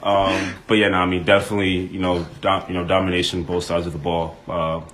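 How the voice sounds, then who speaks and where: A man's voice: low-pitched, little pitch movement, brisk, fairly bright tone, a little hiss or hum. A man in casual sports podcast chat, teasing and arguing his point with lots of "you know" fillers. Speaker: podcast co-host.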